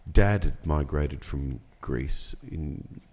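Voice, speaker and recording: A middle-aged man, telling a personal story in a casual podcast chat, unhurried and reflective with many pauses and ums. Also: extremely low pitch, a little mellow, slightly rough. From Australia. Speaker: podcast guest.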